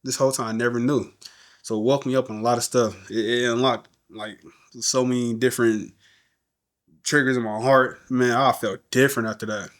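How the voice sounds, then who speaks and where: A man's voice: medium pitch, a little fast. A middle-aged man, a podcast guest, telling a story in casual talk and acting out the voices of the people he quotes. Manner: animated, acts out quoted voices.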